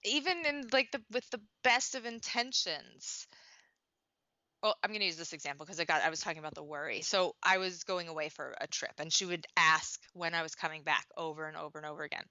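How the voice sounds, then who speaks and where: Woman coach talking in an interview, earnest and chatty, crisp bright voice, dry dull audio. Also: deep voice, brisk, no room sound. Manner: earnest, talkative, many "you know" fillers and restarts. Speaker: parenting coach. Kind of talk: conversational interview answer.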